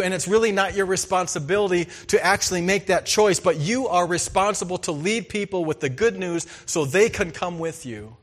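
Animated high-voiced male preacher. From farming background. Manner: storytelling, animated, shifts between loud and hushed. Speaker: pastor. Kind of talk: sermon.

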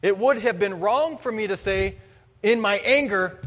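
A high-pitched man delivers a sermon in an earnest, conversational style that now and then swells into loud emphasis. His voice rings with a long reverb, as in a large hall. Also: normal speed. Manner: earnest, conversational preaching with sudden loud bursts. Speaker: pastor.

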